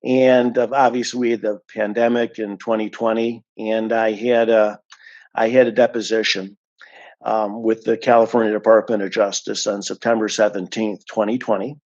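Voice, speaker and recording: A man's voice: lowish voice, level tone, normal speed, darkish tone, dull audio. Indignant man telling a complaint. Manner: indignant, emphatic, repeats points. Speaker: dissatisfied client giving a review. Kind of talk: personal account, complaint.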